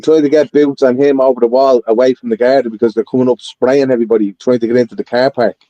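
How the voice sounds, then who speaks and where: A man's voice: mid-range voice, steady tone, fast, warm tone, dry recording, lo-fi sound. A man in casual podcast chat, blunt and swearing as he tells stories. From Ireland.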